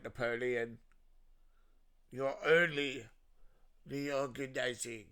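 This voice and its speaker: Sarcastic Australian man, lively bright ranting. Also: on the high side. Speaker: political commentary host. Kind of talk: solo political commentary monologue.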